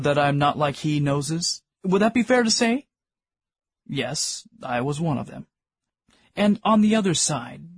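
A man's voice: on the high side, breathy edge, no echo, studio quality. A middle-aged man preaching a sermon, earnestly asking his congregation questions and calling them friends. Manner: addresses listeners as friends.

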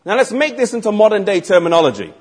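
Animated preacher, husky voice. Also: male voice, high-pitched, fast. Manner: emphatic, asks the congregation rhetorical questions. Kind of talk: sermon.

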